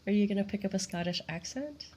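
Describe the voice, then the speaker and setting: A woman co-hosting an interview show, upbeat and quick with little exclamations. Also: mid-range voice, lively intonation, darkish tone, slight background noise. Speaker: podcast co-host.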